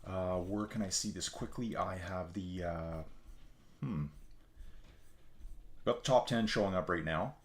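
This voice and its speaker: This livestream host is a tired man with a very low voice who rambles along in a chatty, unhurried way, pausing often and calling his viewers "folks." It's casual live-stream chat, picked up on a desk mic with adjustable gain.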